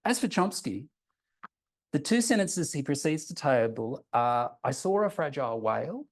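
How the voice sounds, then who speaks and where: A man presenting a prepared academic seminar paper, reading it in a measured way and slowing down deliberately for quoted examples. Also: medium pitch, very animated. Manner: measured, reads quotations slowly and deliberately.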